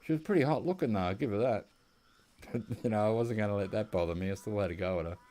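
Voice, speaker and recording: A man's voice: lowish voice, quick pace, mellow. A man with an Australian accent, chatting casually and rambling through stories while he plays a hunting game. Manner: rambling storytelling. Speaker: gaming commentator. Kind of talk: casual gameplay commentary.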